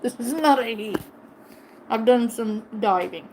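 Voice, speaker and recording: A woman's voice: on the high side, measured pace, darkish tone, a little hiss or hum. A woman streamer chatting casually and playfully teasing her pet on a live stream.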